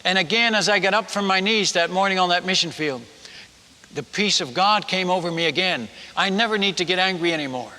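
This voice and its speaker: A man preaching as a missionary, telling his story with animated, self-mocking humor and frequent stammered restarts. His voice sits high and sounds very bright. A long reverb from a large hall trails behind his words. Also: a little fast. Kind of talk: sermon storytelling.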